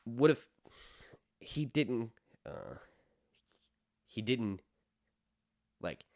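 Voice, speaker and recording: A man's voice: mid-range voice, expressive, drawn-out words, no echo, clean studio sound. A man hosting a podcast, rambling casually through a lore breakdown with lots of fillers and some swearing. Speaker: podcast host.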